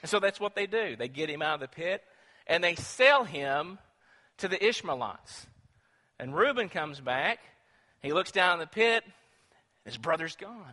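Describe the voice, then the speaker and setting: A man preaching a sermon in a church, telling a story in an animated way, acting out voices and putting questions to the congregation. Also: a little high, unhurried. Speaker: pastor. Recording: long reverb in a church hall.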